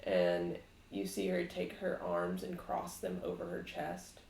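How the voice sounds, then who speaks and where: A woman narrates a tabletop game slowly and hesitantly, pausing on fillers. Her voice is low and gravelly. It is recorded in an echoey room with faint noise behind it. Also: sing-song, darkish tone. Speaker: game master.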